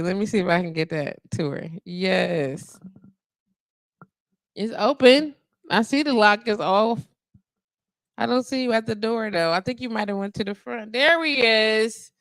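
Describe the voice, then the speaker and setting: A woman's voice: mid-range voice, expressive, slow pace, vocal fry, long pauses, dry recording, clean studio sound. A woman hosting a live radio show, chatting casually, laughing often and cooing baby talk at her dog.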